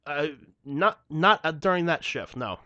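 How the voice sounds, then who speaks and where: A man's voice: a little high, unhurried, dry recording, dull audio. A young man on a podcast, casually telling a story full of swearing and acted-out dialogue. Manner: profane, animated storytelling. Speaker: podcast host. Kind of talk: casual chat.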